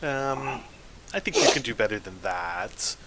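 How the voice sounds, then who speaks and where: A man's voice: medium pitch, lively intonation, unhurried, very noisy. A man playing in a tabletop game, speaking theatrically and with mock menace in character. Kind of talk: in-character role-play.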